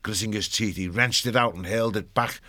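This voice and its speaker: A man narrating an audiobook in a steady storytelling manner. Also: lowish voice, brisk.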